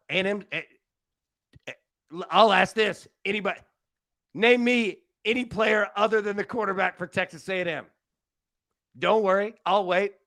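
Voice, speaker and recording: High, joking sports betting host. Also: male voice, no echo. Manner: energetic, joking, rambling. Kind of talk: casual sports betting chat.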